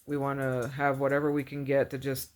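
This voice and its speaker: A woman's voice: rumbling low, monotone, brisk. A woman casually retelling a dream, rambling and earnest, packing her speech with fillers and repeated phrases. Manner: rambling, full of "like" and "you know", repeats phrases; earnest and religious. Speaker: vlogger recounting a dream. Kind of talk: casual storytelling.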